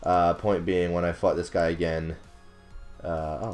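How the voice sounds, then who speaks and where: Deep-voiced young man cursing over gameplay. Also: level tone, unhurried, darkish tone, faint music behind. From not British. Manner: rambling, swears a lot, laughs at himself, outbursts of frustration. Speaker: gaming commentator. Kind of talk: casual gameplay commentary.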